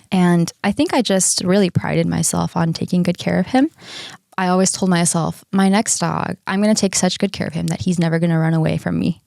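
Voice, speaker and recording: Young woman host, casual storytelling, frank and profane, quick laughs, dry close mic. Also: fairly low pitch, gravelly, darkish tone, dry recording. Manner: candid, swears casually, laughs often. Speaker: podcast host.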